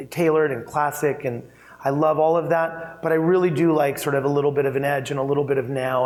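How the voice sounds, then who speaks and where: A man with a fairly high voice talks as an on-stage keynote guest. He tells his stories chattily and with animation, circling back with fillers and laughing along the way. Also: darkish tone, rough recording. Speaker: keynote speaker, interior designer. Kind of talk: conversational storytelling on stage.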